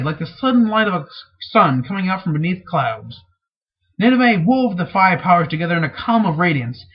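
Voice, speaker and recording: A man's voice: a little high, husky. A man reading a fantasy novel aloud, stumbling and restarting often, in a dull, lo-fi home recording. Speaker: reader.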